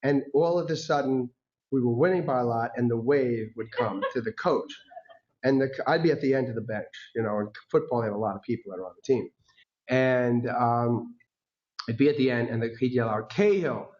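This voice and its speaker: A man's voice: medium pitch, a little fast. Man telling stories, dull lo-fi sound. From United States. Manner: lively storyteller who acts out quoted voices and laughs often. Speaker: guest speaker. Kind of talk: personal storytelling talk. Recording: dull lo-fi recording.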